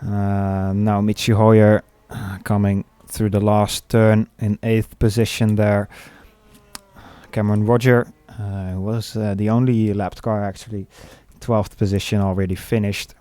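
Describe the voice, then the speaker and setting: A man commentating a sim race, calling the action with many pauses and fillers. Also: lowish voice, little pitch movement, warm tone, smooth, no room sound. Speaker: lead commentator.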